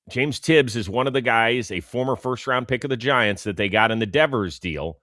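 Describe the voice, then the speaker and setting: A man co-hosting a casual sports talk show, animated and sarcastic, often dropping into mocking quotes. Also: mid-range voice, no room sound, studio quality. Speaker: co-host.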